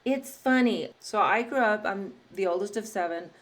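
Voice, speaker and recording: A woman hosting a podcast, chatting casually and telling lively stories with frequent laughter. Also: medium pitch, normal speed. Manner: lively storyteller, laughs often. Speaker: podcast host. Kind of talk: casual interview chat.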